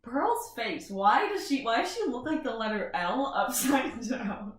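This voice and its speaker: A woman's voice: fairly high pitch, sing-song, measured pace. A woman guesting on a podcast, telling a story in a giggly, hesitant way with fillers, in casual chat. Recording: very echoey, distant from mic, crowd noise.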